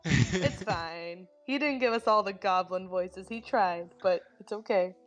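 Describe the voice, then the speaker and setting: A woman's voice: on the low side, unhurried, soft background music. A woman playing a tabletop game, chatting casually and playfully teasing the game master. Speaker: player.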